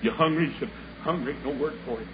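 A man's voice: fairly high pitch, fast. Male preacher, storytelling sermon, acts out voices, lo-fi hissy tape. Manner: folksy storyteller, acts out each voice, builds to shouts. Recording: dull lo-fi recording with clear background hiss.

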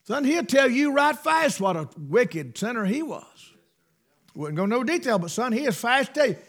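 A man preaching a sermon in a folksy, emphatic way, swinging between loud bursts and hushed asides. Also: very high-pitched, sing-song, moderate pace.

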